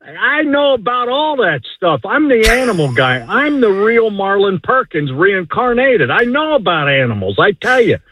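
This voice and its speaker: Calling in to a sports radio show over a tinny phone line, a middle-aged man talks in a high-pitched, bright, forceful voice at normal speed, very animated and hardly pausing. His casual sports talk rambles and boasts, with many stumbling restarts, and there's no echo.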